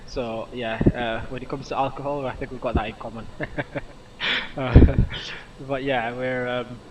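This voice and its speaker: A man's voice: medium pitch, little pitch movement, distant mic, heavy background noise. A man from England with a Yorkshire accent, chatting casually on a live stream while flying a sim, stopping often on "uh" and restarting his sentences as he answers chat. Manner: halting, lots of uh fillers and restarts, answering chat.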